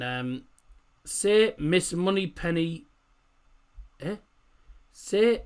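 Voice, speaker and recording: Lively-voiced man streaming football. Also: fairly high pitch. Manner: rambling, filler-heavy, reads chat messages aloud. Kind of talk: casual live-stream chat.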